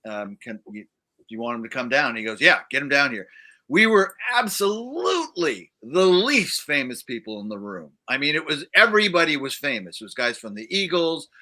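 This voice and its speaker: A man's voice: medium pitch, very animated, moderate pace, bright, forceful tone. A man, a guest musician, telling a rambling story in casual chat on a livestream, with many fillers and restarts. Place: livestream studio.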